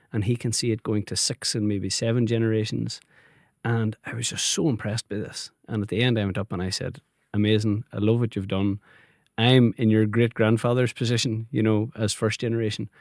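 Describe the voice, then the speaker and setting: Northern Irish man, friendly storyteller, fairly low voice, dry close sound. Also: level tone, a little fast, a little mellow, no echo. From Northern Ireland. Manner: friendly storytelling, laughs easily. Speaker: guest, family business owner. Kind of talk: conversational interview.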